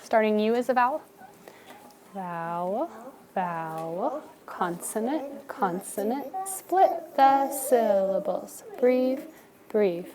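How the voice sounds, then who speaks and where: A woman teaching a first grade spelling lesson, giving brisk, encouraging instructions to her class. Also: on the high side, animated, a crowd in the background.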